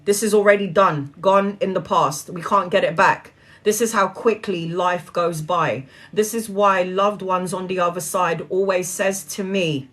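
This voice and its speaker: A woman speaking earnestly to viewers in a casual spiritual talk, preachy and quick to laugh. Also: on the low side, a bit bright. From Brazilian heritage.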